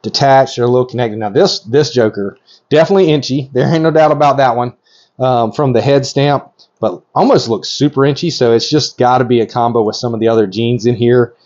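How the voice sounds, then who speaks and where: A middle-aged man hosting a vlog, giving hands-on commentary in an excitable, rambling way that keeps interrupting itself. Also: medium pitch, a little fast. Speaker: reptile breeder host. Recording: slightly dull lo-fi audio.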